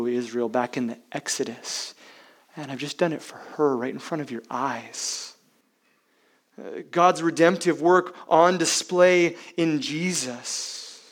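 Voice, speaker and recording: A man's voice: medium pitch, measured pace. Emphatic male pastor preaching. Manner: emphatic, with dramatic swings between loud and hushed; uses rhetorical questions to the congregation. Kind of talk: sermon.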